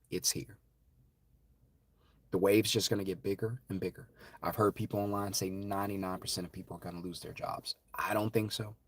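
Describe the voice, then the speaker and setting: A man's voice: sits low, no room sound. Fervent, preachy man on a live stream. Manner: preachy and dramatic, swinging from loud to hushed. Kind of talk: impassioned live-stream talk.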